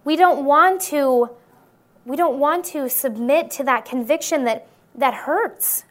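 A woman with a notably high voice gives a sincere Christian talk in the manner of a testimony sermon. She addresses her listeners directly and often pauses to check they are with her. Her delivery is earnest and personal. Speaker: Christian speaker.

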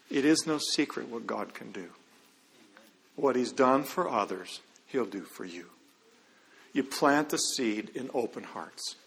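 A man's voice: mid-range voice, a bit bright, husky. A middle-aged man giving an earnest, conversational testimony as a Christian businessman, with quoted dialogue. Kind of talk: storytelling testimony. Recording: long hall reverb.

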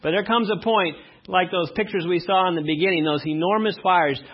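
A man preaching a sermon as pastor, reading verses slowly and loudly, then dropping to quiet asides. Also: high-pitched, slightly rough, lo-fi sound.

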